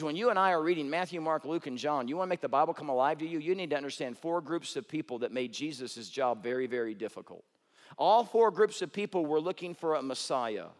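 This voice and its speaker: A man preaching a sermon, telling stories with rhetorical questions and swinging from loud to hushed. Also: a little high, big-room sound. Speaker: pastor.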